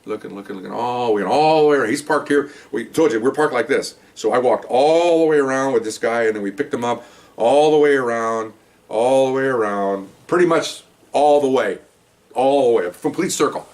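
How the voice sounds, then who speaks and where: This older man, a former police officer, has a medium-pitched, slightly mellow voice and talks a little fast, recorded far from the mic. In a casual monologue he tells stories, acts out quoted lines, and checks in frequently with "okay?"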